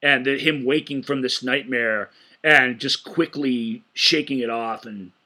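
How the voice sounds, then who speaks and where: Bright-voiced enthusiastic man talking films. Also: mid-range voice, measured pace. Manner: enthusiastic, animated retelling with frequent stammered restarts. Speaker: podcast co-host. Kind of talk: casual film-discussion podcast chat.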